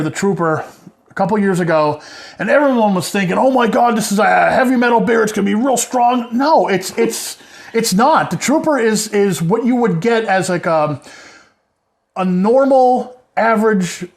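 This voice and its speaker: A middle-aged man hosting a casual beer review at home, chatty and joking with rambling asides. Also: high-pitched. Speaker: show host.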